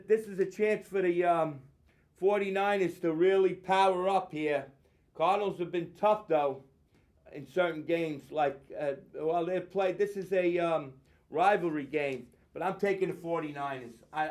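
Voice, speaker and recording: A man hosting a local TV sports picks show, brash and rambling, calling out to viewers as he goes. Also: high-pitched. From Staten Island, New York. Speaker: TV host. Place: local TV studio.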